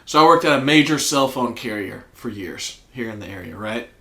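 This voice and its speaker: Southern man, podcast co-host, cussing storyteller, mid pitch, roomy echo. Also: fairly quick. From American South. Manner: profane, animated storyteller acting out quotes. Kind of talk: casual storytelling chat. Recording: echoey room.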